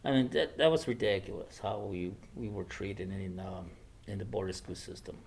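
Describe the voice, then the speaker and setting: An older man with a somewhat low voice tells his own stories to a class. He hesitates often, restarting and filling pauses, with a faint hum of the room behind him. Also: vocal fry, a little mellow. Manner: hesitant, many fillers and restarts. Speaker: guest speaker. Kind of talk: personal storytelling to a class.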